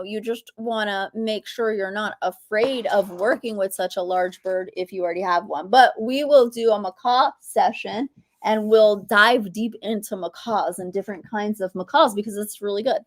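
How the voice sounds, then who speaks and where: Chatty woman hosting a pet livestream. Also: fairly high pitch. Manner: chatty, reads viewer comments aloud, coos at her bird. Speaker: livestream host. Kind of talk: casual live Q&A chat.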